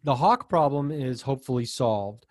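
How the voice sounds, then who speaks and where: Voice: mid-range voice, expressive, normal speed. A co-host in casual chat, with a dry, teasing manner and playful asides. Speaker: podcast co-host.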